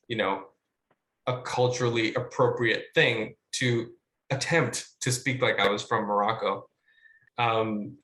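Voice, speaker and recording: A man's voice: mid-range voice, fairly bright tone. A man, a guest actor, chatting over a video call in a musing way, full of fillers and restarts. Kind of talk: casual webinar discussion. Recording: roomy echo.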